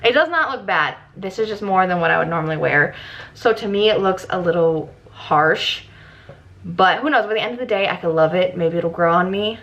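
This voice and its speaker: A young woman vlogging casually about her makeup, excitable and giggly, chatting as she works. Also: on the low side, normal speed. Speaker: beauty vlogger. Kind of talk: casual makeup tutorial chat. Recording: slightly dull lo-fi audio.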